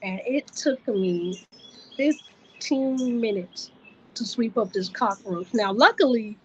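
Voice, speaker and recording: A woman's voice: on the high side, slow, fairly bright tone, muffled recording, a little hiss or hum. A woman vlogger telling a personal story to the camera, vivid and repetitive in her retelling.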